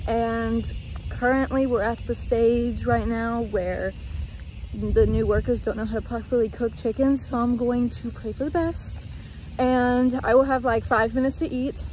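A woman's voice: fairly high pitch, unhurried, darkish tone, a little hiss or hum. Chatty young college woman. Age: young adult. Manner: chatty, upbeat, says "like" often. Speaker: vlogger, college student. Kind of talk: casual vlog chat.

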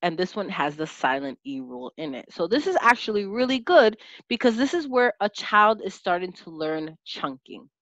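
A woman teaching a lesson, sounding out letters and syllables slowly and clearly as an instructor. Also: medium pitch, big pitch swings, fairly bright tone, dry recording, highs cut off. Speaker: teacher and test-prep instructor.

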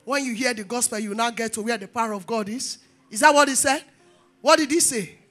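A woman pastor, preaching a sermon in call-and-response style and rising to shouts. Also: a little high, a little fast, faint music behind.

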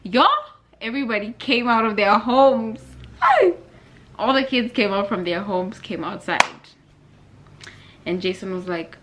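A young woman from Zambia telling a childhood story to viewers in a casual, animated way. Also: medium pitch, a little slow, pauses often, background noise. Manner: animated, chatty, addresses viewers directly. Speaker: vlogger.

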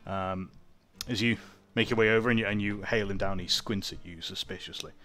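A man's voice: lowish voice, fairly quick. A young man as game master, narrating with lots of fillers and laughing with players. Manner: relaxed, laughing, hesitant fillers while narrating. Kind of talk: running a tabletop game.

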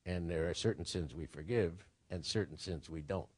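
A man's voice: low-pitched, moderate pace, a little mellow. A man giving an informal lecture on writing, rambling and digressive, with profane asides.

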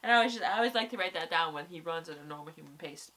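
Tired and stuffy-nosed from crying, a young woman reviews a TV episode in casual conversation. She rambles excitably and swears a lot, her low-pitched voice racing along.

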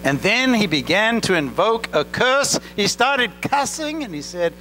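A pastor with an accent preaching a sermon in church, talking directly to the congregation and asking them questions. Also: male voice, high-pitched, very animated, a little slow, bright, forceful tone, poor audio. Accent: non-native English accent. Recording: faint mains hum. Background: mains hum.

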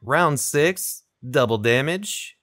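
Lively, unhurried male gamer commentary. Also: a little high, no echo, studio quality. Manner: relaxed, chatty, laughs often. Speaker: gaming video creator. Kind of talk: casual gameplay commentary.

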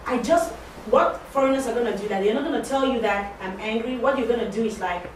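A woman's voice: a little high, fast talker. A woman teaching a class of assistants, talking conversationally, repeating her points and questioning the class. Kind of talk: interactive classroom talk. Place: classroom or training room. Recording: very echoey room, distant mic, faint noise.

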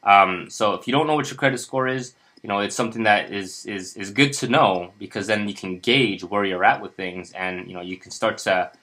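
A man's voice: fairly low pitch, sharp tone. A man casually walking viewers through a personal finance spreadsheet, chatty and upbeat, with many fillers and restarts. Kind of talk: casual screen-share tutorial.

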